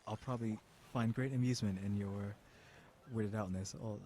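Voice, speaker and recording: A man's voice: on the low side, steady tone, normal speed, warm tone, slight background noise. A man casually rambling through gameplay commentary as a gaming YouTuber, chatty and full of restarts.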